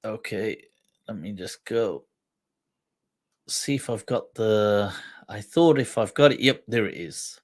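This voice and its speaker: A man hosting a livestream who tells an old story with quoted dialogue, reciting Arabic quickly before translating it, mixing in Urdu phrases and laughing along the way. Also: on the low side. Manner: mixes Urdu phrases into English. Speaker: livestream host and mufti.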